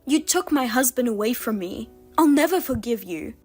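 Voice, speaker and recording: A woman narrating a text-message story in a steady, plainly read scripted style. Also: on the high side, normal speed, soft background music.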